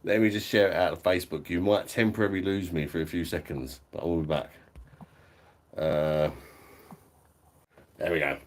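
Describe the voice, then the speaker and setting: Deep-voiced sweary man. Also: fairly even intonation, normal speed, pauses often. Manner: chatty, sweary, laughs often, reads out chat. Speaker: beer reviewer hosting a live stream. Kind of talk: casual live-stream chat. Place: at home.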